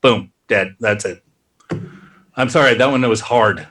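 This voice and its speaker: A man's voice: fairly low pitch, a bit bright. Rambling male podcast co-host. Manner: rambling, acts out characters' lines in quick asides. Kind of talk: casual plot recap.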